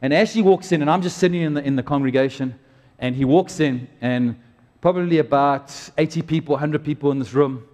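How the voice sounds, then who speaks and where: A man preaching a sermon to his church in a chatty, joking way with animated bursts. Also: a little high, brisk. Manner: conversational, jokey preaching with animated outbursts. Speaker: pastor. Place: church auditorium. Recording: long hall reverb.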